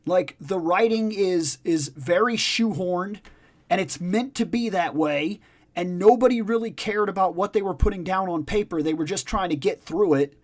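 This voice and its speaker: A man's voice: high-pitched, normal speed. A man hosting a casual discussion chat, emphatic and profane, repeating his points for stress. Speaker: podcast host.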